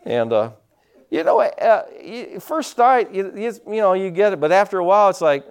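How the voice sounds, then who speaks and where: A man preaching a sermon as pastor, folksy, telling stories and swinging his loudness up and down, from the United States. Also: sits high, very animated, a little fast, gravelly. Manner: folksy storytelling preacher, rising and dropping loudness.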